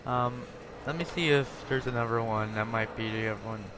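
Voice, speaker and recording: Rambling gamer man over loud game audio. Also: medium pitch, fairly quick, background noise. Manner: rambling, self-correcting, chatty. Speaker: gaming channel host. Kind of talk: casual gameplay commentary.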